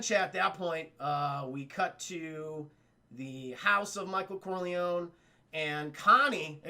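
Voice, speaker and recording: Streamer, male, bright and fairly high voice, chatty and profane, recaps a film live to his chat. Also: creaky. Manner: chatty, profane, retells scenes in acted quotes. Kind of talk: casual livestream film recap talking to chat.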